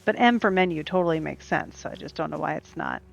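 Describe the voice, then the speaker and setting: Playing a cozy game on stream, a woman talks fast in a low, gravelly voice with lively intonation, rambling casually and responding to the characters on screen. The recording is dull lo-fi stream audio with game music faintly audible.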